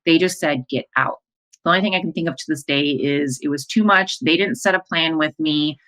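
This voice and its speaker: A Midwestern life coach and podcast host recounts her own story in a monologue, speaking emotionally and breathlessly while acting out her own and her family's words. Her voice is low and deep yet fairly bright, a little fast, and the recording quality is poor.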